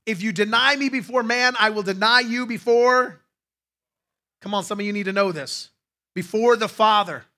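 A man's voice: sits high, normal speed, bright, forceful tone. A male pastor preaching a sermon in a conversational way, with asides to his congregation.

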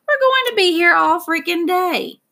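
A woman's voice: extremely high pitch, animated, moderate pace, gravelly, pushed and bright, pitched above the performer's own voice, exaggerated voice. Female reader as a joking schoolboy, offhand and blunt.

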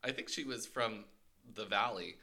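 A man's voice: fairly low pitch, moderate pace, vocal fry, pushed and bright. A man chatting casually on a podcast, chiming in with brief remarks. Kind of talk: casual chat.

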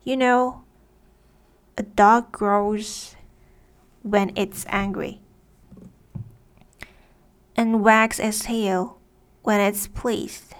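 A woman voicing a grinning, sly talking cat who speaks in riddles, slowly and matter-of-factly. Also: medium pitch, fairly even intonation, clean tone. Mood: explaining.

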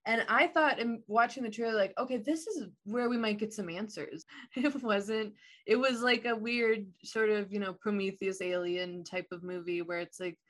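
A woman co-hosting a casual film chat, talkative and quick to laugh, with some swearing. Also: mid-range voice. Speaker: podcast co-host. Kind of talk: casual chat about films.

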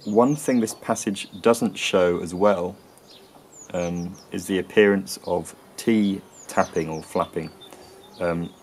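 English male presenter, low and even voice, hesitant explanatory delivery. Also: slight background noise. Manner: hesitant, frequent ums and restarts. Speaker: accent and linguistics presenter. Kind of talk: explanatory lesson.

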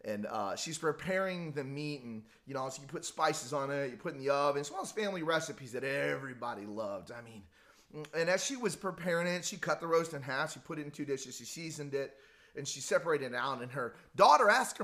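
A man's voice: medium pitch, animated, a little fast, bright, forceful tone. A man giving a conversational devotional talk, telling stories in a folksy way and repeating words as he gathers his thoughts. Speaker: devotional speaker.

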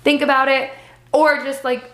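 A woman's voice: high voice, little pitch movement, moderate pace, fairly bright tone. A woman co-hosting a podcast, chatting casually and animatedly, acting out panicked voices as she tells stories. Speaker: podcast co-host. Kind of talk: casual chat. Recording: roomy echo.

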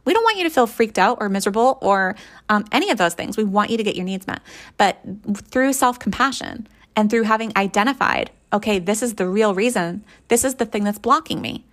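A woman's voice: mid-range voice, lively intonation, brisk. A woman coach talking casually on a podcast, checking in with the listener often and acting out quoted thoughts. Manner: conversational, often checks in with "right?" and "okay?". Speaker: keto and mindset coach, podcast host.

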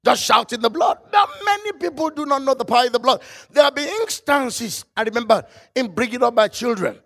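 A man preaching a fervent sermon, quoting scripture in old-style phrasing and breaking into shouts. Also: extremely high pitch, animated, brisk, vocal fry.

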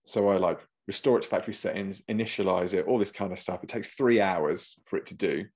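A man's voice: low voice, fairly quick, darkish tone. A man in casual chat, telling a story animatedly and acting out the voices of the people in it.

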